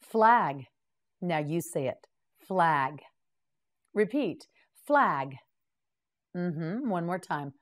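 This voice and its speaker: A woman teaching English vocabulary in a scripted lesson. She pronounces each word clearly, pauses for the learner to repeat it, and answers with short praise. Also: lowish voice, expressive. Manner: clear, careful enunciation with short encouraging praise.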